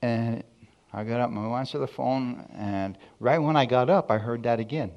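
A man preaching a sermon, telling a personal testimony in a lively storytelling way and acting out the dialogue. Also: mid-range voice, normal speed, highs cut off. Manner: storytelling, animated, acts out dialogue.

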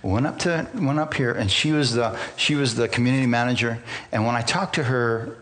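A man, a pastor, preaching a sermon as a lively personal testimony, acting out the dialogue and laughing at himself. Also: medium pitch, brisk.

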